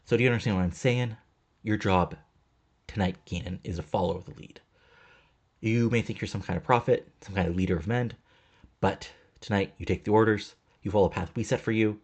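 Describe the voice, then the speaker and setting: Brief: pushy schemer of a manager, husky and low, played by a man. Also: fairly quick. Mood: scornful. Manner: pushy, scornful, demanding. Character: scheming fast-talking male wrestling manager.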